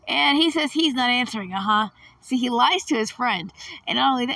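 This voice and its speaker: A woman's voice: fairly high pitch, fairly quick, pushed and bright, recorded from a distance. A woman with a cold, chatting casually and reading a chatbot game's lines aloud with a laugh. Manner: chatty, laughs often, calls out characters. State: has a cold. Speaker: gaming vlogger.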